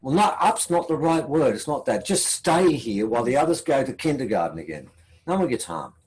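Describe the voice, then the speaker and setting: A man's voice: sing-song, a little fast, a little mellow, low-quality recording. An Australian man giving a conference talk, telling a story and acting out the dialogue in it. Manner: acts out quoted dialogue with shifting pitch. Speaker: conference speaker.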